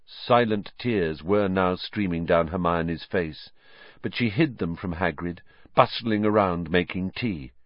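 A man narrating a storybook in an expressive, varied reading. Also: deep voice, unhurried, dry recording. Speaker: audiobook narrator. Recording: dry, slightly muffled recording.

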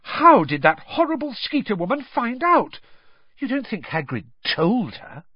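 Male reader putting on a bright earnest teen girl, much higher voice, lively, storybook. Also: unhurried, breathy edge, no room sound, highs cut off, full character voice. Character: indignant teenage schoolgirl, clever, earnest.

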